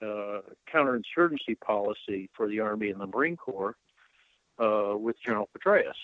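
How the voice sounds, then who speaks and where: A man's voice: on the low side, expressive, moderate pace, dry recording. Older man telling stories over a phone line. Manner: folksy, self-deprecating anecdotes with frequent restarts. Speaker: guest, retired Marine colonel. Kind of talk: casual storytelling interview. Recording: tinny phone-line audio.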